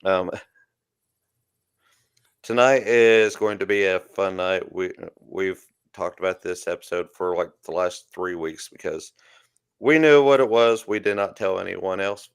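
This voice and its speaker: Male co-host, low resonant voice, dry close mic, casual chatty banter. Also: fairly even intonation, a little slow, smooth, no echo. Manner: chatty, jokey, trails off. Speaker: podcast co-host. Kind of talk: casual livestream chat.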